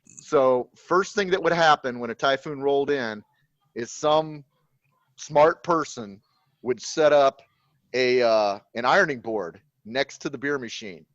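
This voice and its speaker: A man's voice: medium pitch, unhurried, fairly bright tone, no echo, dull audio. A man telling anecdotes with dry humor during a casual video call chat. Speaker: guest.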